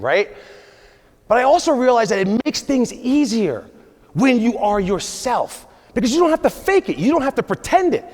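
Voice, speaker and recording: A man in his forties giving an emphatic motivational keynote at a conference, often checking in with the audience with "right?". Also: high-pitched. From USA. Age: 40s. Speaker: conference speaker. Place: large conference hall. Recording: long hall reverb.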